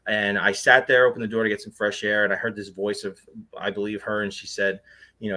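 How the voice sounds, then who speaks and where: A male paranormal investigator, appearing as a guest on an interview show, earnestly recounts a personal experience. His lowish voice is flat, brisk, pushed and bright, and his rambling account is full of fillers and restarts.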